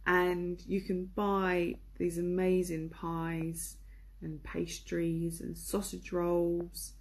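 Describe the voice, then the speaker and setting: A woman's voice: fairly low pitch, gravelly, darkish tone, breathy edge. A young woman giving a chatty culture lesson, with lots of ums and ahs. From England. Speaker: presenter. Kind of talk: casual lesson on English culture.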